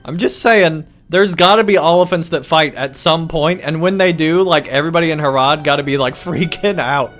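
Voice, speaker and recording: A young man streaming a video game live, excitable and laughing often, saying "like" a lot. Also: a little high, normal speed, few pauses, soft background music. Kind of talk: live gameplay commentary.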